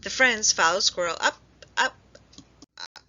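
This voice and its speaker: A woman librarian reading a storybook aloud at story time, expressive and lively. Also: medium pitch, unhurried. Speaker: children's librarian. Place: public library. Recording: dull lo-fi recording.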